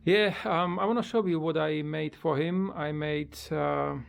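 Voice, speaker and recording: A parrot owner at home, talking casually with many fillers and restarts in non-native English grammar, and cooing high at the bird. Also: steady tone, measured pace, creaky. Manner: coos in a high sing-song voice when talking to the bird. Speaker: parrot owner showing a homemade bird playground. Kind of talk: casual home video chat.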